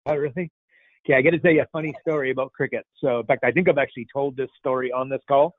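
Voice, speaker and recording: A man's voice: mid-range voice, steady tone, rapid-fire, no echo. A man hosting a casual Q&A call, playful and rambling, joking with callers. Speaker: host. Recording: tinny phone-like line, dry.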